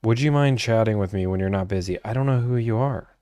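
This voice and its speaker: A man's voice: lowish voice, fast talker, dark tone, dry recording, studio quality. A young man hosting a casual livestream, reading viewer chat aloud and answering in a laid-back, chatty way.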